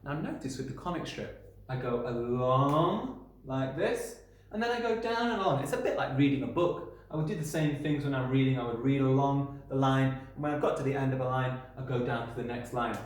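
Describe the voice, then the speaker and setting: A male primary school teacher gives a recorded lesson to young children. He is friendly and encouraging, talks them through each step as he works and checks in with them often. His medium-pitched voice rings around a very echoey room. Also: animated, a little fast.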